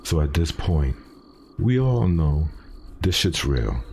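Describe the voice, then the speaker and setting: A man hosting a podcast, reading a first-person horror story aloud in a casual, profane way with dramatic pauses. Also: rumbling low, very animated, darkish tone, slight background noise.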